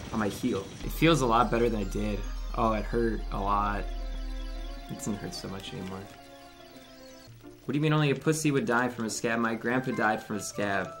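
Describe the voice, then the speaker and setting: A man's voice: mid-range voice, fairly bright tone. Profane rambling young male streamer. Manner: profane, rambling, quick to laugh. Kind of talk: casual livestream commentary. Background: game music.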